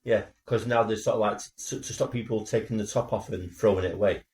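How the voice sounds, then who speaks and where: A man's voice: on the low side, fairly even intonation, a little fast, darkish tone. A man co-hosting a casual podcast, chatty and teasing his co-host. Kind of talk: casual banter. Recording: echoey room.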